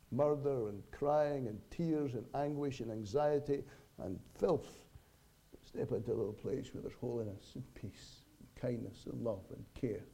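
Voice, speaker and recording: Very dark-voiced man preaching a sermon. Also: mid-range voice, slightly rough. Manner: earnest, with dramatic pauses and sudden swells and drops in volume.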